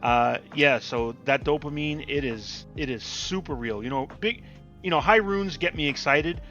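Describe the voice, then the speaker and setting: Middle-aged male co-host, earnest and heartfelt, bright forward tone over a dull, lo-fi mic. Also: on the high side, normal speed, soft background music. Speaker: podcast co-host. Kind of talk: casual interview chat. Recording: muffled lo-fi remote mic.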